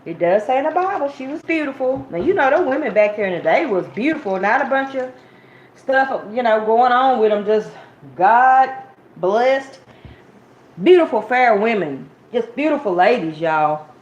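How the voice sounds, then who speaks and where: A woman's voice: on the high side, expressive, moderate pace. A woman preaching an informal sermon, telling a Bible story in a chatty, conversational way and calling her listeners y'all. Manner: conversational, addresses listeners as y'all, acts out quotes. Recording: muffled, roomy, faint hiss.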